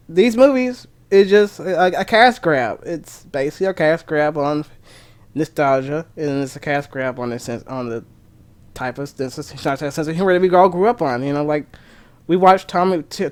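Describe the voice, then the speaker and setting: A man streamer chatting casually and excitedly, rambling with many restarts. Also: a little high, normal speed, clear, resonant tone. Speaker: gaming streamer. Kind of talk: casual chat.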